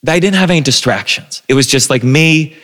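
A man telling a self-deprecating personal story on a live stage, animated, with stumbling restarts. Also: fairly high pitch, fairly quick, in a large hall. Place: live stage before an audience.

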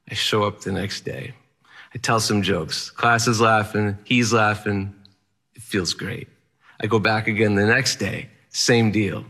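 Bright-voiced man telling a personal story. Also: lowish voice, steady tone, measured pace. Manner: earnest, plainspoken, wry. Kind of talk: first-person storytelling talk.

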